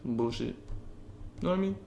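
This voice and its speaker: A nineteen-year-old man from Southern California, co-hosting a casual podcast chat, telling stories with lots of swearing and quick impressions of people he quotes. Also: mid-range voice, gravelly, reverberant, a little hiss or hum. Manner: animated storytelling, swears a lot, does voices of people he quotes. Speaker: podcast co-host.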